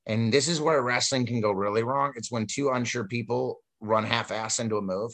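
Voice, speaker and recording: Male storyteller, mid-pitched, chatty and rambling, loads of fillers. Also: fairly quick, a bit bright. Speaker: wrestler telling stories. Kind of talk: casual storytelling chat.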